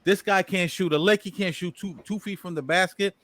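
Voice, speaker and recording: A man's voice: high-pitched, fairly even intonation, a little fast, fairly bright tone, dry recording. A man from New co-hosting a casual sports podcast, talking in a rambling, profane way and repeating words as he thinks. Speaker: podcast co-host.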